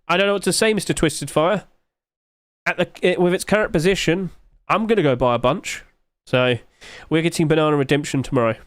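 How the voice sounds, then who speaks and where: Man, streamer, casual thinking-aloud commentary, rhetorical questions, slightly high voice. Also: fairly quick, no echo.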